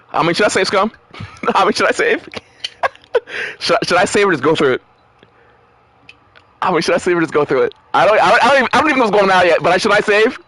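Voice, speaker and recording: Anxious, lively-voiced gamer. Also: medium pitch, fast talker, long pauses, dry recording. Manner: anxious, exclaiming, repeats itself. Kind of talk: let's-play commentary.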